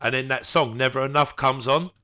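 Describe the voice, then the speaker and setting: A man's voice: mid-range voice, steady tone, fairly quick, sharp tone. A man, a podcast co-host telling stories in casual, slangy chat and laughing often.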